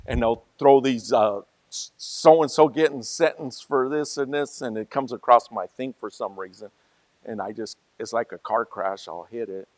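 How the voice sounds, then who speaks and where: A male pastor preaching a sermon in a conversational way, moving from soft asides to loud, emphatic peaks. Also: medium pitch, normal speed, no echo.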